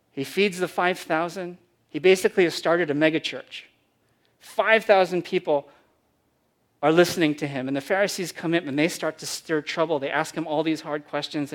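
A male preacher delivering a sermon, with a voice pitched a little higher than most men's. He is animated, acts out the voices of the people he quotes, and moves between loud, punchy emphasis and quiet, hushed lines. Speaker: pastor.

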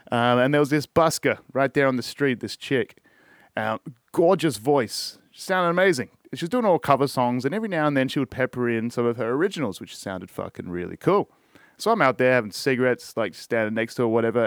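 An Australian man talks on his own podcast in a loose, rambling way, swearing in nearly every sentence and shrugging off his own points. His voice sits at an ordinary middle pitch. The sound is dry and close, with no room around it. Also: no echo. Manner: rambling, swears constantly, trails off with "I don't know". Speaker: podcast host. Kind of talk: casual solo podcast monologue.

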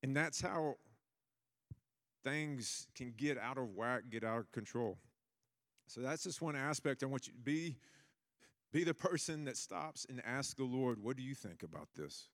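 A man's voice: medium pitch, a little slow, pauses often, a bit bright, big-room sound. A man preaching a sermon in a casual, rambling way, with many restarts and fillers. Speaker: pastor.

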